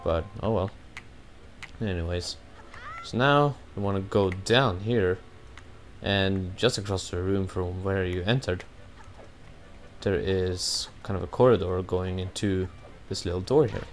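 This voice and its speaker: Low-voiced man joking through gameplay. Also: unhurried, slight background noise. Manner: rambling, joking, offhand. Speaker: video game let's player. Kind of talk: casual gameplay commentary.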